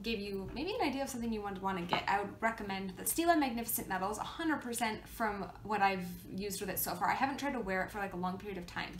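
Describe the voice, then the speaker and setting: A woman's voice: mid-range voice, fairly bright tone. A woman chatting casually in a beauty vlog, bubbly and talkative, often talking to herself. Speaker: beauty vlogger. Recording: roomy echo, faint background noise.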